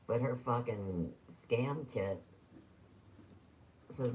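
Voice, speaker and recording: A man's voice: fairly low pitch, expressive, slow, pauses often, a little mellow, a little hiss or hum, poor audio. A man ranting on a livestream, rambling, sarcastic and full of swearing.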